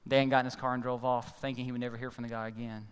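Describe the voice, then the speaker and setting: A man preaches at a racing pace in a smooth voice with little pitch movement, yet when he acts out the people in his sermon story he switches voices suddenly with big pitch jumps. The setting is a large church hall, and the recording has a long reverb tail.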